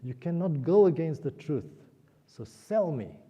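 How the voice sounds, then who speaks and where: Casual: devoted queen begging earnestly , a man telling the story, slightly higher, dull muffled sound. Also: expressive, a little slow, dark tone, breathy edge, in a large hall. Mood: pleading. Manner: earnest, pleading. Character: devoted pleading young queen, woman.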